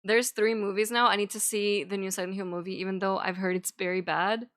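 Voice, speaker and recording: Bright, giggly young woman streamer. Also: medium pitch, flat delivery, a little fast. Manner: rambling, giggly, swears casually. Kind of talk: casual chat.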